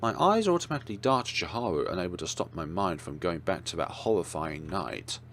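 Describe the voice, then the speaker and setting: Low-voiced man dramatically narrating a horror game. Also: fairly quick, slight background noise. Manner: expressive, dramatic storytelling with wry asides. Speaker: let's play host. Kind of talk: reading a visual novel aloud with commentary.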